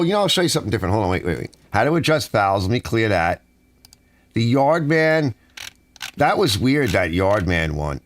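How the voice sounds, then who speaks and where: A middle-aged man from the United States hosting a rambling live stream, grumbling and animated as he reads chat aloud. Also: lowish voice, no room sound.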